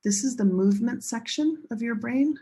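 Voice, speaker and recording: A woman teaching a pronunciation lesson, leading learners through slow chanted drills. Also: a little high, mellow, breathy edge. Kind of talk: classroom lesson.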